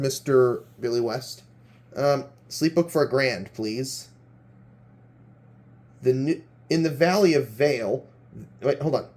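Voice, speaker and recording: A man's voice: medium pitch, a little mellow. A man hosting a homemade quiz show role-play, reading clues with hesitant hums and restarts. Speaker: game show host.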